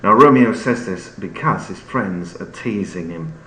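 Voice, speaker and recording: Slow-talking man explaining a play. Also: low voice, animated, sharp tone. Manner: unhurried, with filler-filled restarts. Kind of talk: storytelling explanation with readings. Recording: echoey room with faint ambience.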